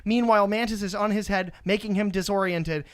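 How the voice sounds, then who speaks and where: A man races through a casual movie recap for a podcast, cursing freely as he goes. His voice is high-pitched and smooth, with a clear, resonant tone. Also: fairly even intonation. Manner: rushed, profane storytelling. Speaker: podcast host.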